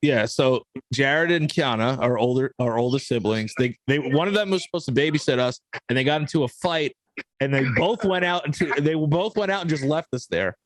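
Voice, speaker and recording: A young man co-hosting a podcast, telling family stories in a loose, animated way, acting out quotes and swearing casually. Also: medium pitch, a little fast. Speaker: podcast co-host. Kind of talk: casual storytelling chat.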